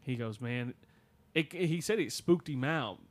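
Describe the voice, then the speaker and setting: A man's voice: medium pitch, animated, measured pace. A man co-hosting a podcast, casually telling a listener's spooky story with many fillers and restarts. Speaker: podcast co-host.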